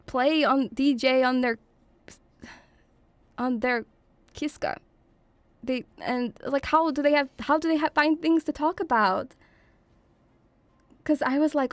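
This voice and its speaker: A young woman with a high, bright-pitched voice chats on a livestream, rambling and giggling. She grew up speaking Lithuanian and often jumps into squealing, excited put-on voices. The sound is close and dry. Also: unhurried, long pauses, dry recording. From half Lithuanian, Russian father, raised in many countries. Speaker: VTuber streamer. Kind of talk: casual livestream chat.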